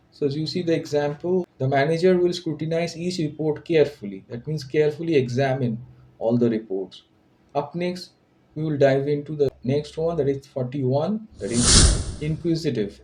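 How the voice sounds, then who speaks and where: Patient man teaching vocabulary, slightly high. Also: mellow, rough recording. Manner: patient and repetitive, restating each meaning. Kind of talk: vocabulary lesson.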